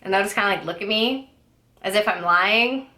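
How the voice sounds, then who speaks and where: A young woman with a bright, forward voice talks casually to her camera about books. She rambles, fills her sentences with "like" and "I don't know", and drops playfully sassy asides along the way. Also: mid-range voice, moderate pace. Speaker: book vlogger. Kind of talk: casual chat.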